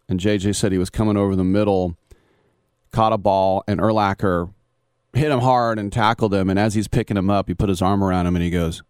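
A man's voice: low voice, darkish tone, clean tone, dry recording, studio quality. A man in his fifties, a sports radio host, telling rambling anecdotes in a casual monologue, chuckling and quoting people as he goes. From Bay Area.

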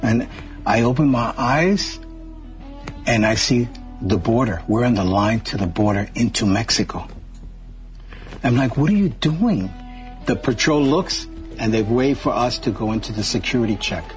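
A man telling a lively anecdote, acting out the quotes in the story. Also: medium pitch, moderate pace. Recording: distant mic with faint music.

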